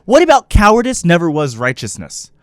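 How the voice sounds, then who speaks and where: A man co-hosting a podcast, his voice climbing and dropping all over the place as he riffs and laughs. He talks with a touch of higher pitch and an emphatic, preaching edge. The sound is dry and close. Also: huge pitch swings, brisk, no echo. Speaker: podcast co-host. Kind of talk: casual podcast chat.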